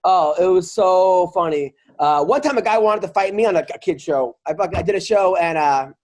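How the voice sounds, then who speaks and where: High-voiced man telling crude stories. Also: normal speed. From New York. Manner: swears freely, animated storyteller who acts out the people in his anecdotes. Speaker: podcast host and comedian. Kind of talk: casual storytelling chat.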